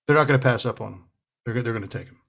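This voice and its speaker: A man's voice: medium pitch, rapid-fire, creaky, a bit bright, slightly rough. A man co-hosting a casual sports podcast, easygoing and laughing often as he makes confident predictions. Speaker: podcast co-host.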